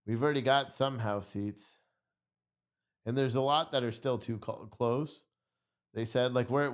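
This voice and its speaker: A tired man hosting a live stream, rambling through casual commentary and swearing freely. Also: mid-range voice. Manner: rambling and profane.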